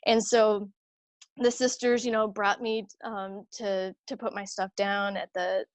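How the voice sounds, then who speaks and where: A religious sister telling a personal story in a conversation, animated and chatty, acting out what others said. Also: female voice, medium pitch, unhurried, dry recording. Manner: animated, acts out quoted voices; chatty, many fillers and restarts.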